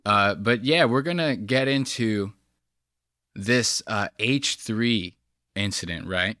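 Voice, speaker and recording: A man's voice: on the low side, slow pace, bright, forceful tone, no echo, clean studio sound. A man hosting a podcast, talking bluntly in casual profane commentary and throwing in slang like bro and buddy. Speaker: podcast host.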